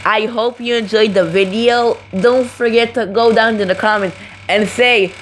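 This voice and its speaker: A woman hosting a gaming video, commenting excitably on gameplay and shouting at the action. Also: a little high, moderate pace, a little hiss or hum. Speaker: gaming channel host.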